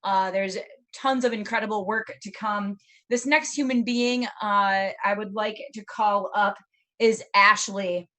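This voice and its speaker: A woman's voice: medium pitch, steady tone, a little slow, pushed and bright. A woman hosts an online student poetry showcase over a video call, upbeat and encouraging. She introduces each reader casually, with a few filler words along the way. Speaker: host of a poetry show. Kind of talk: casual emceeing.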